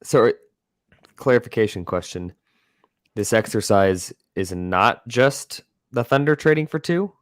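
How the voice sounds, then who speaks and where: A man's voice: lowish voice, lively intonation, measured pace, dry recording, clean studio sound. A man on a sports podcast panel, matter-of-fact as he lists a prospect's strengths. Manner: matter-of-fact, listing points. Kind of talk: casual sports podcast chat.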